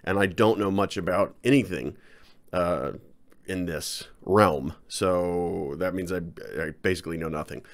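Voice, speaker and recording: A man talking casually to his viewers in a personal vlog, rambling and self-deprecating, halting often with fillers. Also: deep voice. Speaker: channel host.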